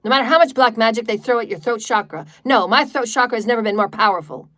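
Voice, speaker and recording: A woman's voice: on the high side, fast, pushed and bright. Defiant woman leading a meditation. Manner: defiant, declarative, repetitive chant-like lines; swears freely. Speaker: spiritual meditation leader. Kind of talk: livestreamed guided meditation.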